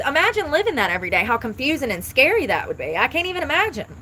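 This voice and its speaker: A woman's voice: high voice, sing-song, very fast, pushed and bright, a little hiss or hum, poor audio. A woman chatting casually on a live stream outdoors, blunt and thinking aloud as she talks. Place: outdoors near traffic.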